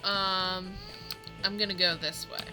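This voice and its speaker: A woman's voice: mid-range voice, fairly even intonation, takes it slowly, sharp tone, faint music behind, poor audio. A woman streaming a game live, chatting and exclaiming to her viewers.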